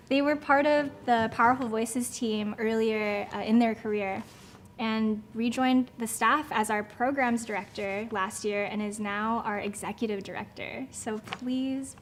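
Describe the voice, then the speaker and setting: A woman's voice: on the high side, steady tone, unhurried, slight background noise. Chatty woman co-hosting an event. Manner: chatty, laughs often, hype-style. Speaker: event co-host. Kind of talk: casual live event hosting.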